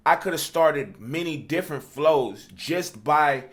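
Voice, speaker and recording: Talking over music, this man's slightly high, expressive voice moves along unhurriedly with few pauses. He's a rap coach casually walking through how he builds verses, leaning on fillers like "you know what I'm saying" and jumping into rapped demos.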